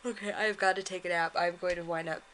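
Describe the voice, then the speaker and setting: A middle-aged woman vlogger lies in bed in her bedroom, chatting casually into a handheld camera. Her voice is low yet bright and sharp-edged, with a steady tone and fast pace, and she sounds tired, drained and unwell. The low-quality recording has a faint hiss underneath.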